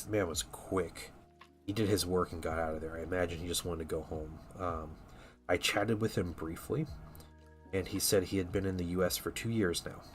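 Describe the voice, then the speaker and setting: A man live-streaming from his home hobby room, rambling casually to his chat viewers while painting miniatures. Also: low-pitched. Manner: rambling and chatty, full of "like" and restarts.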